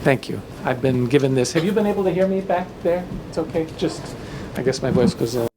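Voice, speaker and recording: A man leading a classroom workshop with slides, talking in halting phrases with frequent fillers and restarts. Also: medium pitch, lively intonation. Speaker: workshop leader. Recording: noisy room recording.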